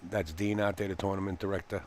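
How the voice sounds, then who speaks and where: A man with a low, deep voice calls a live pool match in a relaxed, folksy way. He rambles between shots and fills the gaps with uhs. A faint hum sits under his voice. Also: fast. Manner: chatty, folksy, laughs easily, frequent fillers. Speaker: pool commentator. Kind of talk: live sports commentary. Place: pool hall commentary booth.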